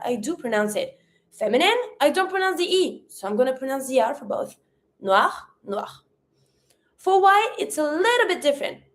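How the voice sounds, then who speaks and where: A woman teaching a French lesson in English, a French speaker whose English phrasing is slightly off, drilling vocabulary word by word. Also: sits high. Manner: clear drilled pronunciation, repeats words in pairs. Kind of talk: online language lesson.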